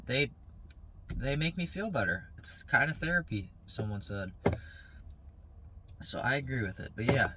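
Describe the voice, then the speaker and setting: A man's voice: mid-range voice, big pitch swings, unhurried, pauses often, bright, forceful tone, a little hiss or hum, low-quality recording. A young man talking casually and motivationally to his phone camera outdoors, rambling at times and then turning heated and preachy. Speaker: vlogger.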